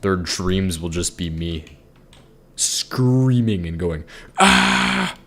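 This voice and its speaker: This Minecraft YouTuber, short on sleep, takes his time as he rambles casually through gameplay, joking goofily at his own expense. His voice is low with a darkish tone.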